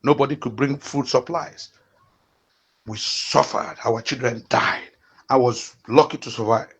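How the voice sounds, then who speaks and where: A Nigerian man in his fifties delivers fired-up political commentary as a channel host, at an ordinary mid pitch for a man. He hammers his points through repetition and stumbles into fillers as he pushes on. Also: steady tone, measured pace, a bit bright, slightly rough. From eastern Nigeria. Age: 50s. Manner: fiery, repetitive rallying calls with frequent fillers.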